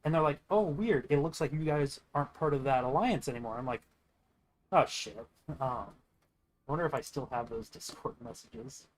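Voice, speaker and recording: This young man has a mid-range voice with lively intonation and a normal speed, heard on a rough recording with slight background noise. As he streams games, he spins a long, meandering, profane story in a casual way, quoting others as he goes.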